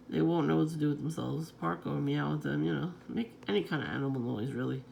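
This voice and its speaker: Very gravelly rambling vlogger. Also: mid-range voice, normal speed, a little mellow, slight background noise. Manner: rambling, profane, chuckling often. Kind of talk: casual rambling monologue.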